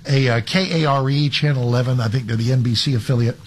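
A man's voice: medium pitch, fairly even intonation, fast talker, slight background noise. A man hosting a talk radio show, giving an opinionated monologue in a conversational way with frequent restarts. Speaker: talk radio fill-in host.

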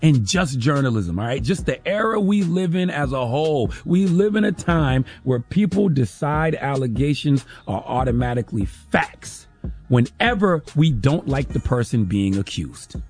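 A man's voice: medium pitch, expressive, normal speed, darkish tone. A man giving an emphatic, sarcastic opinion commentary as a host, often tagging lines with "okay?".

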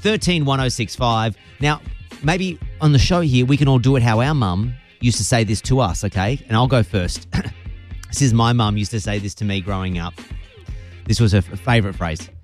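A man's voice: mid-range voice, normal speed, faint music behind. A man hosting a radio show, chatting with callers in a playful, teasing way. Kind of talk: casual radio chat. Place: radio studio.

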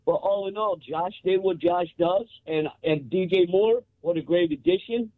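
A man phoning in to a sports radio show, excited and laughing, talking in casual slang. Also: high-pitched, normal speed, crowd noise. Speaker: caller. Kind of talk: excited phone-in call. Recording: tinny phone line, dry.

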